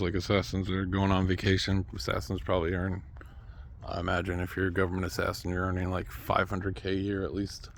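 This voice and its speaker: A man talking in a rambling monologue who trails off quietly, then breaks into sudden loud outbursts. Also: fairly low pitch, slight background noise.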